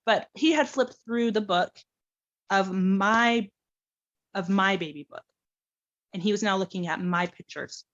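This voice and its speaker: A woman tells her own story in a relaxed, chatty way. She often slips into lively quoted dialogue, and her voice sits at an ordinary pitch. The audio is a touch muffled and lo-fi. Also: a little slow, long pauses. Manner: animated, acts out quoted dialogue, laughs often. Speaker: adoptee telling her story. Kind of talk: casual personal storytelling.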